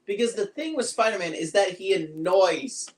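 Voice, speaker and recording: A podcast co-host chatting casually about movies, animated and acting out quotes. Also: moderate pace. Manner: animated, acts out quotes with big pitch jumps.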